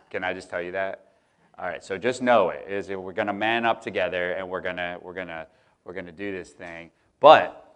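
A man preaching a casual, joking sermon to his congregation, speaking. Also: on the low side. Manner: relaxed, joking, chatty with the congregation. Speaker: pastor. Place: church auditorium.

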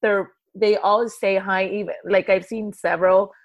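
A woman middle school teacher chatting casually on a podcast, telling lively stories. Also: mid-range voice, moderate pace, muffled recording. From Southern California. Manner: animated storytelling with acted quotes. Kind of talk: casual chat.

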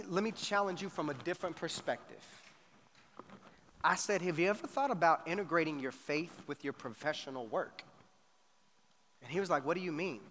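A middle-aged man preaching a storytelling sermon, animated and slangy, acting out both sides of a conversation. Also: high-pitched. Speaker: pastor. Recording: faint noise, long hall reverb.

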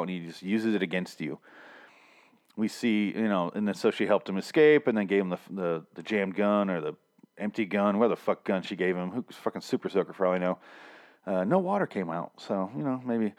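A man's voice: fairly low pitch, fairly quick, darkish tone. Rambling, profane male TV reviewer. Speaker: TV show reviewer. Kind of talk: casual recap vlog.

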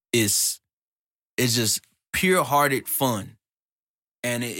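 A man's voice: no room sound, studio quality. Hyped slangy man hosting a podcast. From United States. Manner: animated, slangy, laughs often, big pitch jumps when hyped. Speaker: podcast host. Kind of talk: excited casual podcast monologue. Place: small studio.

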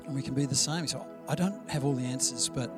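A man's voice: medium pitch, quick pace, loud music behind the voice. A man preaching a sermon in a conversational, storytelling way, acting out the dialogue he quotes. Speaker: pastor.

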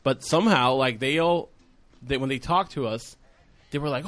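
A man's voice: mid-range voice, moderate pace. Puerto Rican man, rambling storyteller. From Puerto Rico. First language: Spanish. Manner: rambling storyteller, swearing, acting out quotes loudly. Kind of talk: casual chat.

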